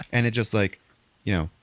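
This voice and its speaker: A man hosts a podcast, retelling a movie plot in loose, profane chat and briefly acting out characters in exaggerated high voices. His voice sits low. The sound is dry and close, with no room around it. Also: no echo. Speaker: podcast host recapping a movie. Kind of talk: casual chat.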